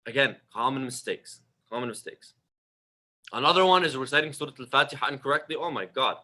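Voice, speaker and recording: Bright-voiced emphatic male preacher. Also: mid-range voice, fairly quick. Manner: emphatic, repeats phrases, conversational. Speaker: religious teacher. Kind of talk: informal sermon on prayer.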